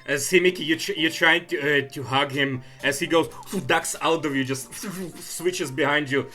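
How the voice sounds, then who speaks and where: A man's voice: on the high side, normal speed, bright, forceful tone, faint music behind. A man running a tabletop game as game master, narrating in an easygoing, amused way.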